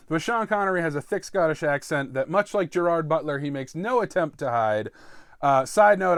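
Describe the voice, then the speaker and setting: A man hosting a comedy podcast, riffing through an improvised monologue with frequent ums, jumping between loud asides and low mutters. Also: clear, resonant tone, no echo, clean studio sound. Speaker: podcast host.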